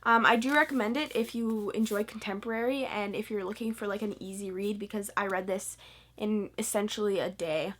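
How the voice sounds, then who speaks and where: A teenage book vlogger gushes casually about books she's read, sprinkling in plenty of "like." Her voice is medium-pitched, a bit bright, and a little fast.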